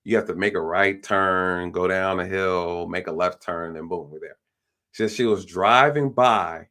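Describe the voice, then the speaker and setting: A police officer on a live stream tells a story casually, voicing the people in it and often repeating himself with fillers like "you know." He speaks unhurriedly in a low-pitched voice that sounds pushed and bright.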